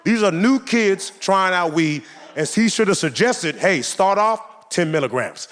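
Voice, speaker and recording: A young man performing a stand-up comedy set on stage, telling stories in an animated way and acting out the voices of the people in them. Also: high-pitched, unhurried. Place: live comedy venue with audience.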